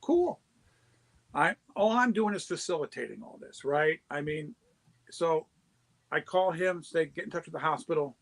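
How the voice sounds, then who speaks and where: A man with a fairly high speaking voice, a guest on a chat show, telling a story with lots of energy. He restarts his sentences often as he talks. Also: poor audio. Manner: animated anecdote teller, quick restarts. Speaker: guest, charity founder. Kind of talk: casual storytelling.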